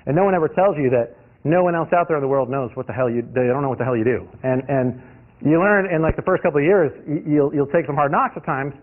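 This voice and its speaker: A man from the US East Coast giving a guest lecture, telling lively personal anecdotes with frequent restarts. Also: on the high side, fast. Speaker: guest lecturer, industrial designer. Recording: tinny lo-fi recording.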